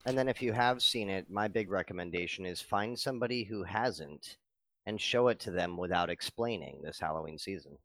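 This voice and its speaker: A man hosting a podcast and interviewing, speaking in an earnest, deliberate way. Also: deep voice, fairly bright tone, no echo. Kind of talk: casual chat.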